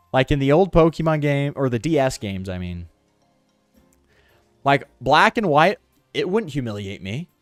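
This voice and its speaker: Joking streamer man, lively voice. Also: medium pitch, dry recording. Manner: joking, self-mocking, slangy, breaks into character voices. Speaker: gaming streamer. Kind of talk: casual gameplay commentary.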